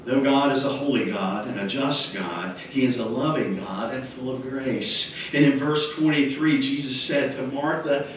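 A man preaching a funeral sermon, deliberate and emphatic, repeating key words and dropping to soft low tones. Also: recorded from a distance, slight background noise. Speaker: minister. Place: funeral home chapel. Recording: very echoey chapel, heard from afar.

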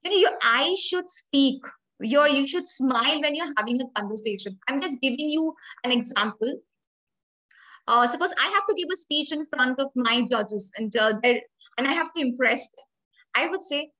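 A woman's voice: sits high, lively intonation, moderate pace, bright, forceful tone, low-quality recording. A young adult woman with an Indian English accent, giving an emphatic, explanatory grooming training lecture and speaking straight to her listeners.

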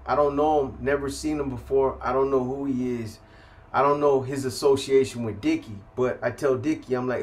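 A man with an ordinary mid-range voice tells a rough story in streetwise slang, swearing freely. He acts out the voices of the people in it as he goes. His delivery is loose, casual and animated. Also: mid-range voice, moderate pace. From California. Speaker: storyteller recounting prison life.

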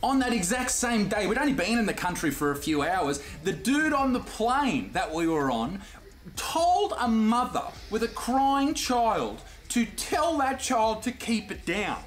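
A man with an Australian accent telling a profane, animated comic story and acting out the people in it. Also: sits high, normal speed. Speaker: comedian. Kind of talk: comedic rant.

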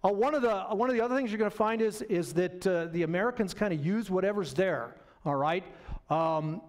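A middle-aged man giving a history lecture in a loose, conversational way, with fillers and asides to the audience. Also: high voice. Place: lecture hall.

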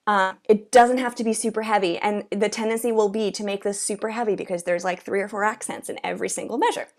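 A woman's voice: mid-range voice, fairly even intonation, fast. A woman teaching an oboe masterclass, chatty and encouraging, singing rhythms aloud as she explains. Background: oboe playing.

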